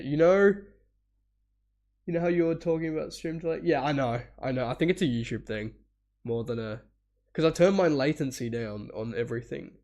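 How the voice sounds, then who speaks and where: A man streaming a live reaction while he is getting over a cold, so his voice comes out stuffy and sniffly. He talks in a loose, rambling way, with laughs, a casual swear or two, and short bits of humming. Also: mid-range voice. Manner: hums parts aloud.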